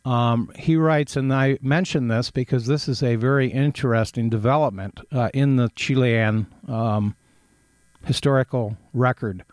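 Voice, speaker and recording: A man's voice: medium pitch, a little slow, dry recording. Hesitant man giving news commentary, dry sound. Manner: hesitant, many ums and uhs, reads aloud and adds opinions.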